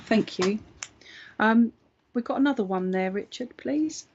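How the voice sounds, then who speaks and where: A woman's voice: fairly high pitch, measured pace, highs cut off, a little hiss or hum. A woman working as a psychic medium, giving a live reading in a chatty, reassuring way and often checking in with her listener.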